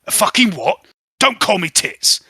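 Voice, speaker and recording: A man voicing an irritable, gruff driver who snaps back with testy, sweary threats. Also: mid-range voice, expressive, a little fast, sharp tone, dry recording, studio quality, voice pushed up. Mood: exasperated.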